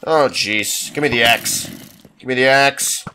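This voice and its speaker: A man with a stuffy, congested voice rambles through his let's play commentary, poking fun at himself as he goes. His pitch sits at an ordinary middle for a man, and a faint hiss runs under the desktop mic. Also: measured pace, sharp tone. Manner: rambling, self-mocking chatter. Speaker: gaming YouTuber.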